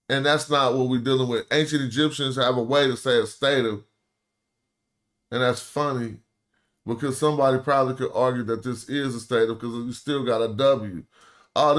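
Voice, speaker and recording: A man talks through a grammar lesson in an easygoing, slangy way. He repeats words, restarts his sentences and keeps asking his listeners questions as he works through each point. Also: mid-range voice. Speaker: teacher of ancient Egyptian. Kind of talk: casual live lesson.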